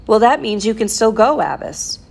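A woman voicing a calm, deliberate middle-aged father who speaks in a measured, quietly firm way. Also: a little high, gravelly, slightly rough, pitched above the performer's own voice, exaggerated voice.

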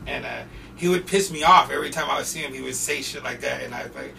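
Man, profane street storyteller, gravel in the voice, fairly high pitch, sits back from the mic, noisy room. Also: quick pace, recorded from a distance. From Portland, US. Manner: profane, laughing, animated storyteller. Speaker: podcast guest. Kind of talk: casual storytelling chat.

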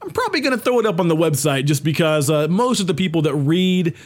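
A man's voice: a little high, very animated, fast talker. A man co-hosting a podcast, rambling casually with lots of fillers and swearing freely. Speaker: podcast co-host. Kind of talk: casual chat.

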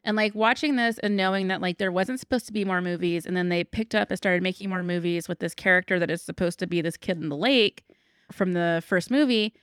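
A woman's voice: fairly low pitch, brisk, clean tone, dry recording, studio quality. A woman co-hosting a podcast, chatting casually and frankly, with some swearing. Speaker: podcast co-host. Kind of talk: casual chat.

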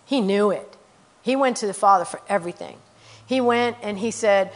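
A woman preaching a conversational sermon about her missionary work. She speaks earnestly, often adds "you know" and "okay?", and reads scripture quickly. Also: medium pitch, animated.

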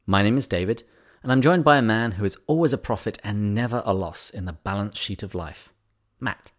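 A man co-hosting a casual podcast chat, wry and playful in a relaxed way. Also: fairly low pitch, brisk. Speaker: podcast co-host.

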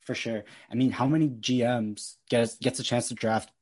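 A man's voice: medium pitch, fairly even intonation, normal speed, a little mellow. A man co-hosting a casual sports chat, telling stories with animation and laughing often. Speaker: podcast co-host.

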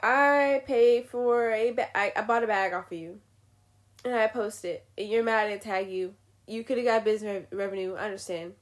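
Speaking at normal speed in a medium-pitched voice, a young vlogger unloads blunt, profane opinions straight to the camera. It's an animated, casual rant full of swearing.

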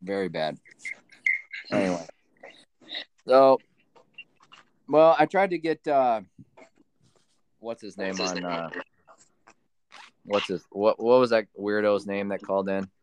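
A man's voice: fairly low pitch, takes it slowly, pauses often, slight background noise, low-quality recording. A man hosting a casual wrestling podcast, talking in a loose, rambling, hesitant way. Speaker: podcast host. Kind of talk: casual chat.

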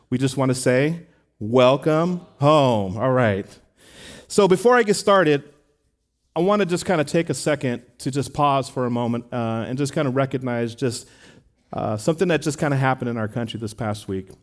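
A man of ordinary middle pitch speaks as an associate pastor from the front of a church sanctuary. He moves through announcements and into prayer in an easygoing, conversational way, often pausing on fillers. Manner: casual, warm-hearted church talk with fillers.

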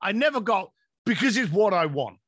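A man's voice: high voice, very animated, moderate pace, a bit bright, husky. A man, a business coach telling stories in a podcast conversation and acting out his clients' lines.

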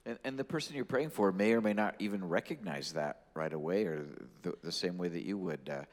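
A minister telling a story in a measured way during a casual conversation. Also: male voice, low voice, in a large hall.

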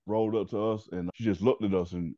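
A man with a low, dark, mellow voice spins laid-back, slangy stories in easy podcast banter. The recording is dry and a little dull, like a lo-fi home mic. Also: steady tone, fast talker, no echo. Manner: laid-back storyteller, slangy, laughs often. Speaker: podcast co-host.

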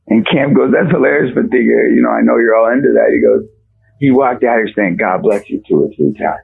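A man with a gravelly, husky voice tells a fervent faith story as a radio guest, now and then shouting for emphasis. His voice sits a touch high for a man, and the sound is close and dry. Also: fairly quick, no room sound, low-quality recording. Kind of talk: animated faith testimony.

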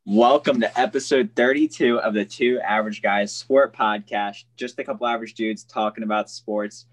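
A young man hosts a sports podcast in an easygoing, chatty way. His voice sits fairly low. He keeps it loose and friendly with his co-host. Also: steady tone, normal speed. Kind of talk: casual sports podcast chat.

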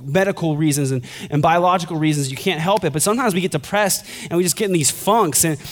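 A young man preaching a sermon as a pastor, conversational and joking, then building to fervent intensity. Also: fairly high pitch.

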